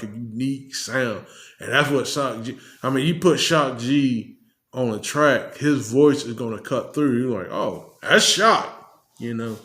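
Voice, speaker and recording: A man hosting a podcast, giving casual, loose commentary with lots of fillers. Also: medium pitch. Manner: laid-back, loose, many fillers. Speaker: podcast host.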